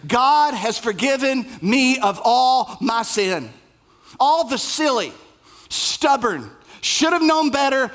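A man preaching a sermon, with emphatic repetition and sudden drops to a hushed voice. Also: very high-pitched. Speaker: pastor.

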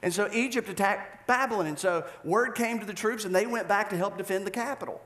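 A male pastor preaching a sermon, telling a story with animated delivery and acted-out scenes. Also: sits high, a little fast.

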